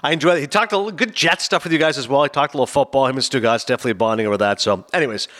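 A man co-hosting a casual podcast chat, telling stories in an animated way. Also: medium pitch. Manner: rapid, animated storytelling. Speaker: podcast co-host.

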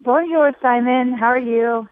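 A woman's voice: fairly high pitch, a little slow, no echo. A woman around forty calling a radio show, earnest and hesitant, heard over a phone line. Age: late 30s to early 40s. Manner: earnest, hesitant, full of "you know". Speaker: caller. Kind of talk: phone-in question.

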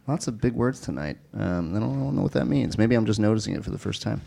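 A man's voice: fairly low pitch, animated, fast, vocal fry, dark tone, slightly rough. A man hosting a poetry open mic, casual and chatty with frequent fillers. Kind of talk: live event hosting.

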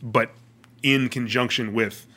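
A man's voice: mid-range voice, fairly even intonation, slow pace, sharp tone. A man in casual chat, talking through his ideas and often repeating words while thinking.

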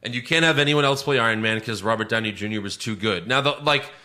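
A man in casual movie-review chat, ranting with swearing, his voice jumping high when he gets outraged. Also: fast talker, sharp tone. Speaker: podcast co-host.

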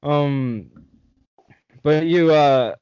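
A man's voice: on the high side, very slow, a little mellow, clean tone, no room sound. Young canadian guy chatting w friends, swears a lot, muffled dry sound. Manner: laughing storyteller, lots of swearing. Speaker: host. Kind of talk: casual chat with friends.

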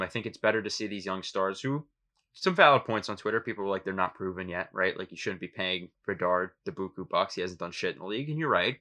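A man's voice: on the low side, sharp tone. A man co-hosting a sports podcast, giving opinionated, emphatic casual talk with some swearing. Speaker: podcast co-host.

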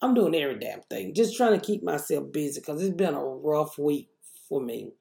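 A middle-aged woman hosts her own show and tells a story in a casual monologue. She is profane and animated, and her voice jumps up into loud outbursts whenever she quotes what she said. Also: low-pitched, moderate pace, creaky, roomy sound. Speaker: podcast host.

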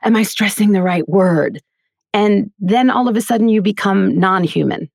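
A woman's voice: mid-range voice, moderate pace, creaky, darkish tone, no echo, clean studio sound. A woman who teaches voiceover acting, talking earnestly and emphatically in a casual podcast interview.

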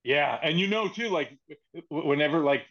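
A man guesting on a podcast, telling stories casually in an animated way, swearing freely and acting out the people in them. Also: fairly high pitch, normal speed, highs cut off. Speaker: podcast guest, former wrestling writer. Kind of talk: casual storytelling.

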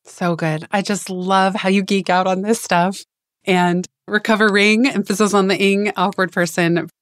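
A woman's voice: medium pitch, steady tone, normal speed, no echo, studio quality. A woman hosting a podcast interview, effusive and enthusiastic in a casual chat. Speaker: podcast host.

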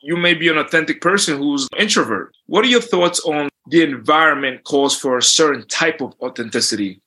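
A man moderating a panel with a bright, crisp voice. He thinks aloud before he asks the other panelists his question. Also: on the high side, fairly quick. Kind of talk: panel discussion.

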